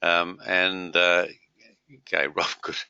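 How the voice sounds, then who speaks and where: A deep-voiced Australian man with a gravelly edge hosts a trading webinar, chatting casually and padding his speech with filler words. His tone is sharp and forceful. The sound is dull, lo-fi and dry. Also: little pitch movement, slow, dry recording. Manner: rambling, many filler words. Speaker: webinar host, trader.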